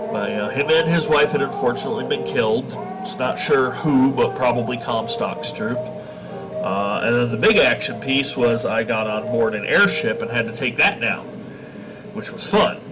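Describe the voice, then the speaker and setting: A man at a home streaming setup, talking through a game with a congested, stuffy-nosed voice. He is chatty and loose, rambling through recaps and then jumping up in excitement, at an average pitch with game music clearly playing behind him. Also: rough recording. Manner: chatty, self-correcting, excitable bursts. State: stuffed up from a head cold. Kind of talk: casual gameplay commentary.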